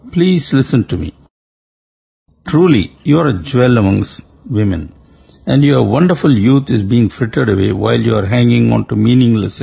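A man's voice: mid-range voice, vocal fry, dark tone, breathy edge, lo-fi sound. A man voicing a boastful, pompous demon king who coaxes and brags. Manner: grandiose, pompous persuasion.

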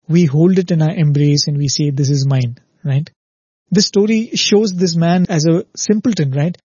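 A man gives a spiritual talk in a slightly high, mellow voice, explaining patiently and tossing in "right?" to keep listeners with him. The voice is a little husky. The recording is dull and dry, with no room sound. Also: no echo. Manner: explanatory, often adds "right?" to check in with listeners. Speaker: spiritual speaker.

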